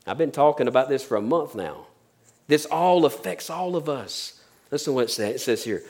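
A man preaching a sermon as pastor, talking plainly and dropping his voice low on key points. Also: lively intonation, moderate pace, darkish tone. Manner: conversational preaching, sudden drops to near-whispers.

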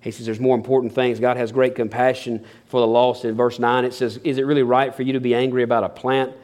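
A man's voice: medium pitch, flat delivery, a little fast, darkish tone. A middle-aged man preaching a sermon, folksy and emphatic with homespun asides. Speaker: pastor.

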